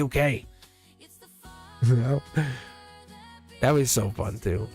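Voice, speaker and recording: A man's voice: medium pitch, very slow, long pauses, a little mellow, faint music behind. A man hosting a live tarot stream in a casual, rambling way, chuckling often and joking with his viewers.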